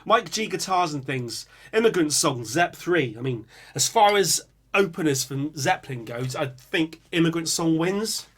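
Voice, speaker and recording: A man's voice: fairly high pitch, moderate pace. A young man, hosting a music channel and chatting casually while reading out viewers' song picks. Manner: animated, bursts into singing and screaming riffs. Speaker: music reaction channel host.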